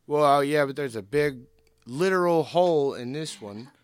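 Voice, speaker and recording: A man's voice: on the high side, expressive, normal speed, smooth, no echo. A man co-hosting a podcast, joking and asking quizzical questions in casual chat. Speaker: podcast co-host.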